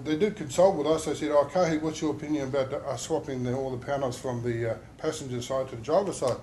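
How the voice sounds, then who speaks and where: A man's voice: medium pitch, quick pace, a little mellow, a little hiss or hum. A man telling an emotional personal story in a workplace safety talk. He rambles and uses many fillers as he speaks. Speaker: injured worker sharing his story.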